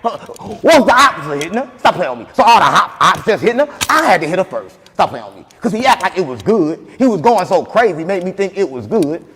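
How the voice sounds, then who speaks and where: A man hosting a podcast, boasting in animated banter and repeating catchphrases, loud one moment and soft the next. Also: high-pitched, fast talker, few pauses, big-room sound. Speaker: podcast host.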